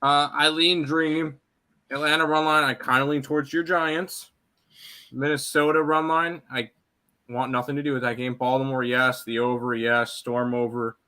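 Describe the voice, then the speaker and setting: A man's voice: medium pitch, level tone, moderate pace, sharp tone. A man giving sports betting picks in casual chat, blunt, with frequent fillers.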